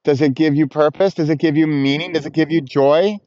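A man's voice: a little high, fairly even intonation, fairly quick, darkish tone, no room sound, highs cut off. A man talking casually to the camera outdoors, chatty and self-mocking, laughing often. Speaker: vlogger. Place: outdoors on a frosty beach with his dog.

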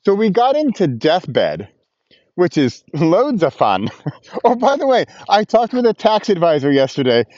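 A man's voice: high-pitched, huge pitch swings, unhurried, darkish tone, no room sound, highs cut off. A man talking casually to the camera outdoors, chatty and self-mocking, laughing often. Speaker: vlogger. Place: outdoors on a frosty beach with his dog.

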